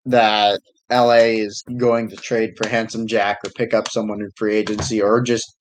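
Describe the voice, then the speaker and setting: A man chatting casually about a sports league, hesitant and unhurried, with frequent ums and restarts. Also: fairly low pitch, little pitch movement, a little hiss or hum, low-quality recording.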